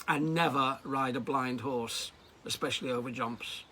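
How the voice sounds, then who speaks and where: A man from Liverpool, a riding coach, telling personal anecdotes in a lively, storytelling way. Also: medium pitch, a little slow. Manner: anecdotal, lively delivery with acted quotes.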